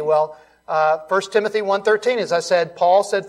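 A man preaching a sermon, building to loud, emphatic repeated lines and dropping to soft, hushed ones. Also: high voice, moderate pace, rough recording. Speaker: pastor.

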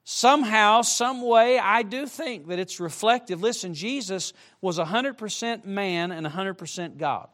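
A middle-aged man preaching to young people, with emphatic direct appeals and shifts between soft asides and loud, rising emphasis. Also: sits high, measured pace, few pauses. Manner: emphatic, repeatedly urging listeners with direct appeals. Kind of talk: sermon to a youth congregation.

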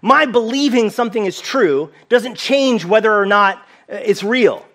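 A man preaching a sermon as pastor, earnest and emphatic, slowing down to repeat key phrases. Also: sits high, expressive, pushed and bright.

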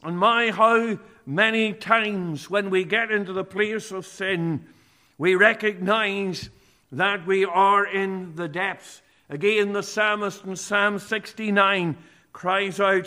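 A man preaching a sermon, speaking deliberately and reading scripture passages aloud. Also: high-pitched, steady tone, pushed and bright.

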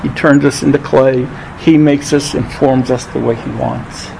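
A man preaching a sermon, reading scripture aloud and rising in pitch on the quoted lines, thinking aloud with restarts. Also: steady tone, a little slow, vocal fry, a little mellow, a little hiss or hum, rough recording. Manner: rises in pitch when quoting scripture.

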